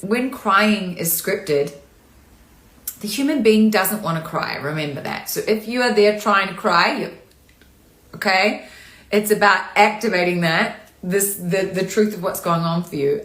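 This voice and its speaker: A woman's voice: mid-range voice, a bit bright. A woman acting coach talking candidly and chattily in a live-streamed Q&A, sometimes showing emotion. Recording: echoey room.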